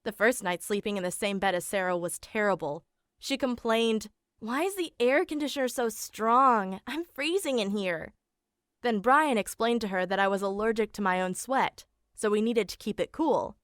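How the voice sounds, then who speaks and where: A woman's voice: medium pitch, normal speed, a bit bright, dry recording, close to an everyday voice. A woman voicing a matter-of-fact teenage girl. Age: young adult. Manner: plain storytelling, dry and matter-of-fact. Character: eighteen-year-old girl telling her own story. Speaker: animated story narrator. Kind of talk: scripted first-person narration.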